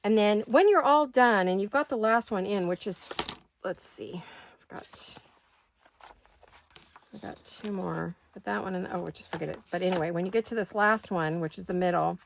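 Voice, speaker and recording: A woman's voice: medium pitch, gravelly, a little hiss or hum. A woman in her sixties hosting a craft video from her home studio, chatting in a rambling, think-aloud way. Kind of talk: casual chat while crafting.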